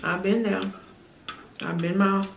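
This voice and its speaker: Slow-talking woman mukbang host. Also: mid-range voice, steady tone, creaky. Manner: slow, chatty, folksy, calls viewers neighbor and y'all. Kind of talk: casual chat to camera while eating. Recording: echoey room, faint noise.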